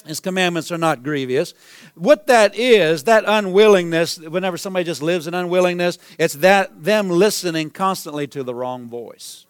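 A man preaching a sermon, his high voice smooth and clear. He rises to emphatic, repeated exclamations, heard close and dry with little room sound. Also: normal speed, dry recording. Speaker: pastor.

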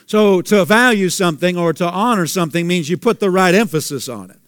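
A man's voice: high voice, brisk, a bit bright, no echo. A male pastor preaching a sermon, asking the congregation questions and repeating phrases for emphasis.

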